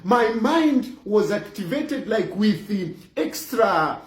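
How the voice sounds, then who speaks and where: A middle-aged Zambian man with a Zambian accent tells a comic personal story. He talks in a high, animated voice, chuckling and leaning on "you know" fillers. The recording sits in a roomy, echoey space. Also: slow pace. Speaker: vlogger. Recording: roomy echo.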